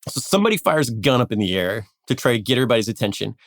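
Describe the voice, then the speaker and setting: A man casually telling a history story on a podcast, animated, acting out quotes and laughing often. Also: mid-range voice, rapid-fire, no room sound, studio quality.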